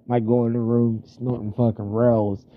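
A man's voice: mid-range voice, flat delivery, normal speed, no echo, phone-quality sound. A man in his thirties from Florida, telling rambling, profane stories about his past in a casual monologue, a bit stuffy-nosed. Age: 30s. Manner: profane, rambling, laughing at himself. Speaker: storyteller.

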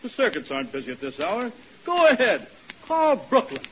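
Brief: a hearty, jovial buddy, high and lively, muffled old radio sound with hiss. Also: male voice, normal speed. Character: friendly phone company man, old pal. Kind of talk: 1940s radio acting.

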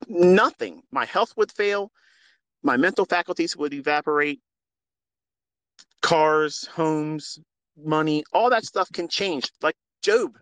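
A man hosting a live audio space, speaking into a phone in an earnest, preachy, profane monologue that swings from quiet to loud. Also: on the high side, dry recording. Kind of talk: impassioned unscripted monologue.

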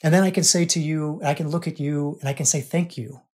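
A man's voice: a little high, steady tone, fast talker, darkish tone. A man hosting a podcast as a coach, teaching in an emphatic, repetitive way. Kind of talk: spiritual coaching monologue.

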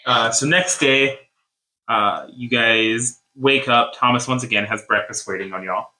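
A man's voice: mid-range voice, a little slow, bright, forceful tone. A man narrating as game master in an easygoing way, explaining rules and setting scenes. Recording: echoey room.

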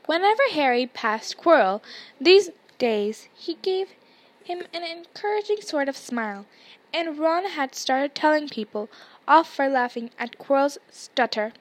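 A woman reading a novel aloud in a lively, expressive storytelling manner. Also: sits high, a little slow.

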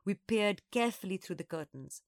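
A woman storyteller reading a children's story aloud, expressive and acting out each character. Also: mid-range voice, a little fast, no room sound, studio quality.

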